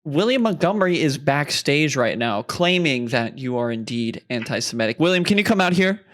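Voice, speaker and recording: A man's voice: on the high side, expressive, normal speed, fairly bright tone. A man voicing a mock-serious male talk show interviewer who grills a guest in a put-on formal tone.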